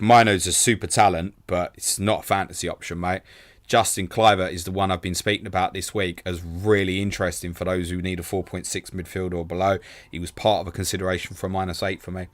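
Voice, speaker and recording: A man's voice: low-pitched, dry recording. A man hosting a live fantasy football stream, reading out viewers' questions and answering casually, calling them mate. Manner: casual and quick, calls viewers mate, self-deprecating.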